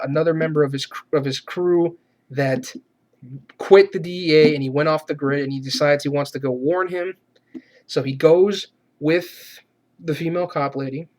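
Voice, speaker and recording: Exasperated swearing man ranting. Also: fairly high pitch. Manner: exasperated, swears a lot, shouts when imitating characters. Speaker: movie reviewer. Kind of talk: profane movie rant.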